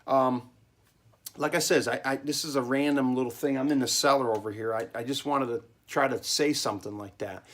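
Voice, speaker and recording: A man's voice: mid-range voice, a bit bright. Man, small business owner, casual vlog; emphatic rambling advice, keeps checking in, recorded in a home cellar.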